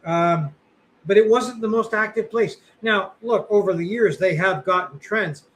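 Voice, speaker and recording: A man's voice: sits high, measured pace, fairly bright tone, rough recording. A man co-hosting a podcast, chatting casually in a rambling, blunt way with lots of fillers and the odd curse. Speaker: podcast co-host.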